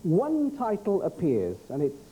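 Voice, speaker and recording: Jokey high-voiced quiz show host man. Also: wildly swooping pitch, crowd noise, poor audio. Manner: brisk, jokey quiz-master patter. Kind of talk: scripted TV quiz hosting.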